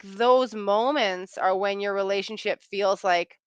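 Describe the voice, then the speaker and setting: A woman in her thirties, a relationship coach, answering interview questions in a chatty, animated way and acting out quoted lines. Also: medium pitch, a little slow, few pauses, clean tone, no echo.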